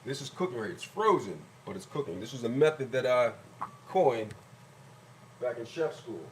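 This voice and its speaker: A man's voice: medium pitch, lively intonation, moderate pace, noisy background. Man chatting through a messy kitchen demo. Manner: chatty, narrates each step as he works. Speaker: home cooking vlogger. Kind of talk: casual cooking demonstration. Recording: loud kitchen clatter behind. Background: dishes, pots and cutlery clattering.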